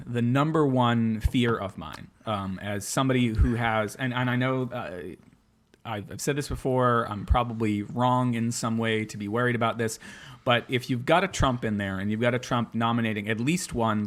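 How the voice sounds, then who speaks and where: A man co-hosting a casual podcast, fretting about politics in a mid-pitched voice. He stumbles through restarts and reads out quotes from social media. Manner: worried, restarts often, reads quotes aloud. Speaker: podcast co-host.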